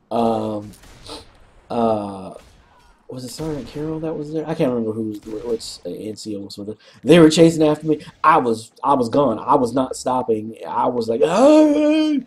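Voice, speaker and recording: A man casually telling a rambling, animated story, clearing his throat often and swearing freely. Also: medium pitch, moderate pace. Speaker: co-op gaming channel host.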